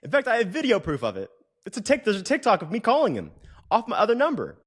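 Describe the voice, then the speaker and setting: A man's voice: high voice, quick pace, husky. A man hosting a podcast, telling a story in a casual monologue, joking, profane and acting out the people he quotes. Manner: animated, acts out the people he quotes. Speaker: podcast host and personal trainer.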